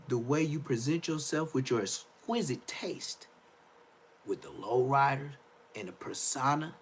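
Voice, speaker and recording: A young man ranting on a livestream, loud and mocking, repeating phrases and stammering. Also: mid-range voice, a little hiss or hum. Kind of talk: trash-talking rant on a livestream.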